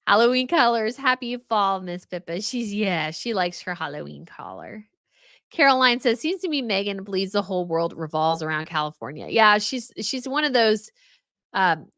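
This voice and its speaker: A young American woman hosts a relaxed live stream, reading viewer comments and answering in a chatty, easygoing way. Her voice sits in a middle pitch, recorded close and dry with no room sound. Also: dry recording. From United States. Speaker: royal news channel host reading live chat. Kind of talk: casual live-stream chat.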